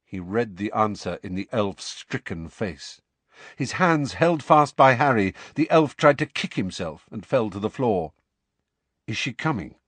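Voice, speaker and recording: A man narrating an audiobook in an expressive, measured storytelling manner. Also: fairly low pitch, no echo. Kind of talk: scripted narration.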